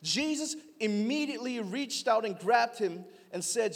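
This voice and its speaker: High-voiced young pastor in a reverberant hall. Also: male voice, measured pace, vocal fry. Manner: lively, urging the crowd to call back. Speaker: youth pastor. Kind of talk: sermon.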